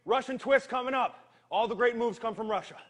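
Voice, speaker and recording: Speaking at an extremely high pitch and a little fast, a fitness trainer leads a live session. He jokes around energetically and counts down reps, straining through the exercises himself as he goes.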